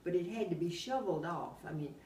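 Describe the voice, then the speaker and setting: An older woman, telling rambling anecdotes in a casual, animated way and often laughing as she talks. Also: lowish voice, fast talker. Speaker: oral history interviewee. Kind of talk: casual storytelling. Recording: roomy, distant mic, faint background hum.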